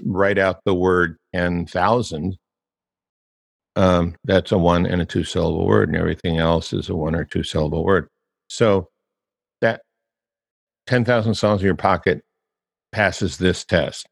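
A man's voice: sits low, creaky, long reverb tail. An older man hosting a casual podcast about copywriting, musing and teasing with emphatic turns. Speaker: podcast host.

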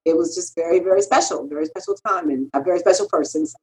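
On a rough recording, a middle-aged woman who works as a freelance copywriter shares stories at a quick pace in an interview. Candid, animated and emphatic, she jumps up in pitch when quoting herself.

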